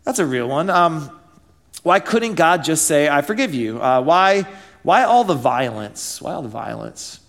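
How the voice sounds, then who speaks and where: A man's voice: a little high, big pitch swings, unhurried, a bit bright. A man in his thirties, a pastor giving a conversational sermon full of fillers and rhetorical questions.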